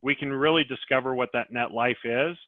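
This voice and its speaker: A man's voice: mid-range voice, fairly even intonation, brisk, no echo. A man working as a business coach, talking through ideas with a guiding, questioning manner in a podcast conversation. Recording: tinny phone-like line, dry.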